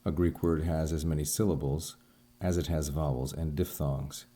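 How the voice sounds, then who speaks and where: A man teaching a recorded language lesson, explaining sounds and syllables one by one in a measured, careful way. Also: extremely low pitch, fairly even intonation, dark tone. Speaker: Greek teacher.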